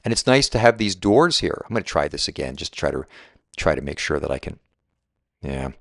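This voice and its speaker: A man's voice: very deep voice, sing-song, fairly quick, gravelly, no echo, studio quality. A real estate agent walking through a house and out to the pool, chatting enthusiastically about every feature and laughing at his own fumbles. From Southwest Florida resident. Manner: enthusiastic, chatty, self-deprecating, keeps saying right. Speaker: real estate agent giving a home tour. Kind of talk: walking home tour vlog.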